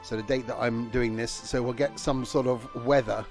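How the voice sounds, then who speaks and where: A man's voice: medium pitch, animated, measured pace, vocal fry, soft background music. A man streaming a train simulator, chatting casually with rambling, self-deprecating jokes. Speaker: game streamer. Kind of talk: casual gameplay commentary.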